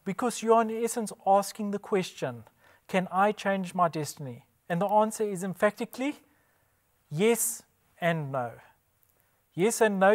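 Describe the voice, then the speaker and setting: A man giving a scripted religious presentation, emphatic, posing rhetorical questions and answering them himself. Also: high-pitched. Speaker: Bible presenter.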